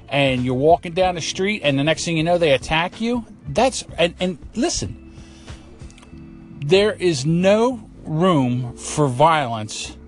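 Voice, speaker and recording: A man hosting a talk show, delivering a blunt, profane, opinionated monologue with a ranting manner. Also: medium pitch. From United States. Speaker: commentary show host.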